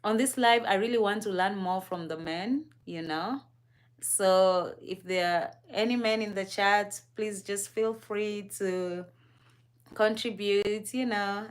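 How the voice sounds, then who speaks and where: A young woman from Kenya talks through a relaxed livestream with her co-host. Her voice sits at an ordinary middle pitch, and she sounds curious and easygoing. She laughs easily and keeps turning to the viewers in the chat. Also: smooth.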